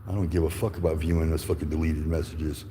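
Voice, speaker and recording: A man's voice: very deep voice, little pitch movement, quick pace, mellow, in a large hall, slight background noise. A man in his fifties ranting angrily and profanely while livestreaming, telling rambling stories. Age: 50s. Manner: angry, profane, rambling storytelling. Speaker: livestreaming channel host. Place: courthouse building with echo.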